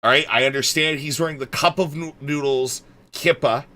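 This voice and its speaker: Bright-voiced, profane male streamer. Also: a little high, fairly even intonation, moderate pace. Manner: profane, swings from mumbling to exasperated shouting. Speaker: livestreamer. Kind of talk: casual stream chat.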